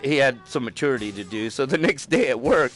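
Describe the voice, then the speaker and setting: A man's voice: medium pitch, expressive, brisk, fairly bright tone, soft background music. A man telling a long story in casual chat, profane and rambling, with many fillers. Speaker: podcast host.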